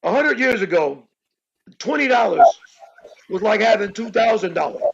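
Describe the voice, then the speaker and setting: A man co-hosting a casual talk show, explaining his points emphatically and repeating them for stress, with a raspy voice. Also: sits high, expressive, moderate pace, highs cut off. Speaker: co-host. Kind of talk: casual podcast discussion.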